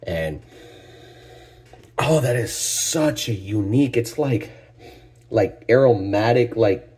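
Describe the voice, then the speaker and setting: A man's voice: mid-range voice, expressive, takes it slowly, darkish tone, slightly rough. A man hosting a casual tequila tasting review, talking enthusiastically and exclaiming over each aroma. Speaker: tequila reviewer, channel host.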